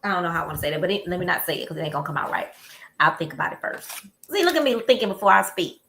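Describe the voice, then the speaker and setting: Woman w/ chatting, bright voice, animated storyteller, echoey room. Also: lowish voice, rapid-fire, slight background noise. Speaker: podcast co-host. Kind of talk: casual chat.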